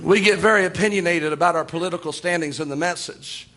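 A man preaching a sermon. His voice sits high and sounds bright and forceful, and he tells folksy stories with little chuckles. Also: fast.

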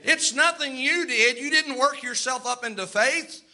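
A man's voice: very high-pitched, normal speed, pushed and bright. A male pastor preaching a sermon, repeating lines for emphasis and calling out amens.

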